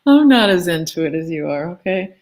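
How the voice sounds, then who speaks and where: A woman's voice: fairly low pitch, sing-song, moderate pace, darkish tone. A woman teaching a live online drawing lesson in a chatty, playful way, talking as she draws. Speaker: art teacher. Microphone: phone.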